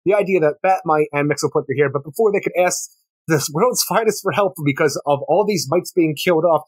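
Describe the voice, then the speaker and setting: A man's voice: on the high side, breathy edge, dry recording. A man co-hosting a comics podcast, recapping the plot and pushing back in casual chat. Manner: fast, wry, argues back and recaps the plot.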